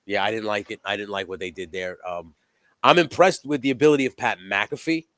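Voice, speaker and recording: A man's voice: fairly low pitch, fairly quick, fairly bright tone, no room sound. Rambling, swearing male podcast host. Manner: rambling, emphatic, swears often. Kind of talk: casual wrestling chat.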